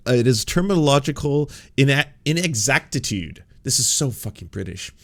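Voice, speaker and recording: A man's voice: medium pitch, lively intonation, fast talker, few pauses. A man hosting a casual news commentary show, sarcastic and often laughing, reading bits aloud and mocking them. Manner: sarcastic, laughing, mock-pompous asides.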